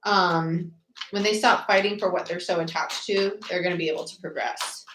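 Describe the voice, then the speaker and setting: A woman with a lowish voice gives a live tarot reading in a chatty, quick way, running through the cards one after another. Her voice bounces around an echoey room, with a faint hiss underneath. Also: fairly even intonation. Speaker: tarot reader.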